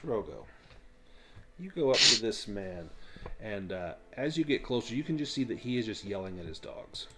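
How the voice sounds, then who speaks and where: A man running a tabletop game as game master, explaining rules and narrating scenes in a relaxed way with frequent ums. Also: on the low side, moderate pace, background noise.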